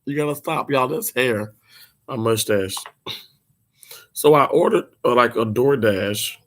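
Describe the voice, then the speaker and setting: A man from Mississippi, a little hoarse, chatting casually and playfully with livestream viewers from a hotel room, laughing often and drawing words out. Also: mid-range voice, takes it slowly. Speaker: livestream host.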